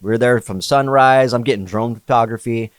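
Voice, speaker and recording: A podcast guest tells a story in loose, slangy conversation, dropping "like" and "dude" all the time. His voice is medium-pitched and brisk, and the recording is dry.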